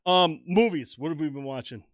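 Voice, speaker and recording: A man co-hosting a casual podcast chat, excitable and swearing freely as he jokes along. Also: fairly high pitch, brisk, no echo, studio quality. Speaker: podcast co-host.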